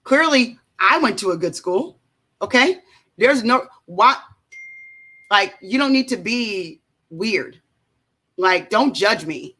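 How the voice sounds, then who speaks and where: A woman hosting a casual reaction show from home, talking in an animated, chatty way with many asides to her viewers. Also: mid-range voice, takes it slowly, pauses often. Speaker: show host.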